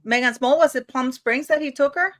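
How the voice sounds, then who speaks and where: A woman hosts a casual live stream over a video call, chatty and repetitive, fumbling with her screen-sharing as she talks. Her voice sits high and is a bit bright, a little fast, with no room sound.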